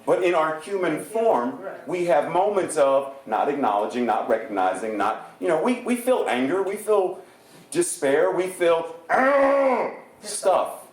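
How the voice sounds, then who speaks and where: A man preaching a sermon as a guest minister, animated and playful, often laughing as he speaks. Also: on the high side, a little slow. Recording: echoey church hall.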